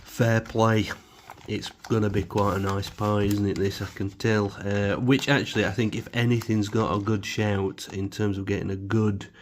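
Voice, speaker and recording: A man's voice: on the low side, little pitch movement, moderate pace, hardly any pauses, a little hiss or hum. A man casually reviewing supermarket food in his home kitchen, rambling with many fillers and wry asides.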